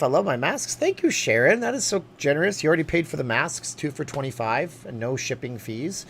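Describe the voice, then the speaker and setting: A man from Canada chats his way through a live stream, answering viewers as he goes. His delivery is loose and rambling, hopping from one thought to the next, and his pitch rises and falls freely. A faint ambient hum sits behind him. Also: a little fast, few pauses. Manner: chatty and animated, jumping between topics.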